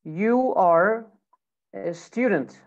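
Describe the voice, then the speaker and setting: A woman's voice: medium pitch, animated, drawn-out words, lo-fi sound. A woman teaching English pronunciation in a lesson, repeating example words over and over with exaggerated emphasis.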